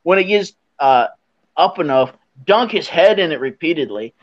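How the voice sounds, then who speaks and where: A young man, the podcast host, telling a drinking story in a casual, animated way and laughing as he acts out what people said. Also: fairly high pitch, moderate pace. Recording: dull lo-fi sound.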